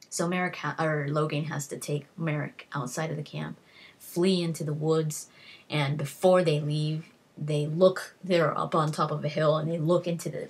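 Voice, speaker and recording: A woman's voice: sits low, slightly rough. A woman casually summarizing a fantasy novel for her online review, rambling through the plot with lots of "like" and restarts. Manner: rambling retelling with frequent "like" and restarts. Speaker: book reviewer. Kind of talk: casual spoken book summary.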